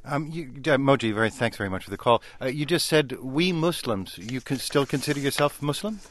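A man's voice: medium pitch, animated, fairly quick, a little hiss or hum. A man hosting a call-in radio show, asking questions hesitantly with many fillers. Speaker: radio host.

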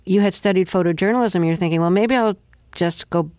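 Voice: mid-range voice, fairly quick, darkish tone, dry recording, clean studio sound. An interviewer asking a guest curious questions and recapping his career. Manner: curious, lays out career background.

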